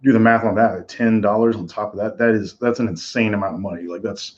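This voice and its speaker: A man with a fairly low voice hosts a live reaction commentary and rambles casually through his thoughts, full of fillers and restarts. The sound is dull and lo-fi, like a basic home mic. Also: fairly even intonation, fast, darkish tone. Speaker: host.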